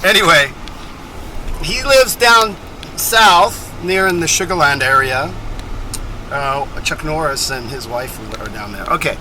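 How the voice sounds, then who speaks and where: A man's voice: on the high side, lively intonation, a little slow, sharp tone, a little hiss or hum, poor audio. A man from Texas chatting in a casual, rambling travel vlog, drifting between topics and correcting himself as he goes, recorded on the road in a car. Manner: chatty, digressive, self-correcting. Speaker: vlogger.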